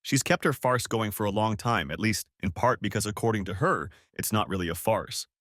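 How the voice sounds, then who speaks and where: A man voicing a calm older male friend who smokes a pipe, speaking in a deep, measured, non-judgmental way in an audiobook story. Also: dry recording, studio quality. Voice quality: deep bass. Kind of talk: audiobook character reading.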